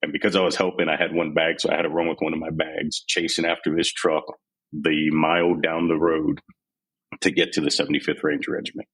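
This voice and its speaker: A man's voice: very deep voice, level tone, a little fast, fairly bright tone, slightly rough, low-quality recording. A man in his forties from San Antonio, Texas, telling his life story frankly as a podcast guest. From San Antonio, Texas, USA. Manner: frank, unguarded, retells scenes in quoted voices. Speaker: podcast guest, army veteran. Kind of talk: candid storytelling interview.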